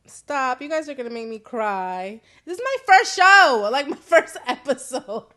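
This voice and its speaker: A woman's voice: high voice, big pitch swings, measured pace, pushed and bright. A young adult woman hosting a casual live-stream call-in show, talking candidly, swearing freely and laughing often. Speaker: host.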